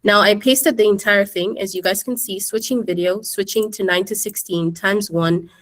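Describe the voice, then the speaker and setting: A woman's voice: medium pitch, steady tone, moderate pace, fairly bright tone. Chatty woman teaching a class. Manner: chatty, keeps addressing the class. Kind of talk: casual screen-share tutorial.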